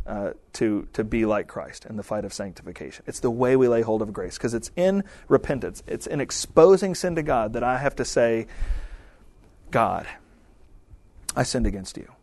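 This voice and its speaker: A man's voice: medium pitch, normal speed, few pauses, mellow, no echo. A married man preaching a sermon in a conversational style, often acting out quoted prayers and remarks. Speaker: pastor.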